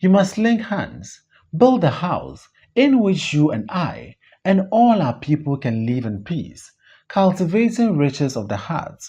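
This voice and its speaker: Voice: mid-range voice, sing-song, slow, warm tone, husky, exaggerated voice. A reader voicing a fiery young male leader who speaks in a commanding, preaching way, on a dull lo-fi recording. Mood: rousing.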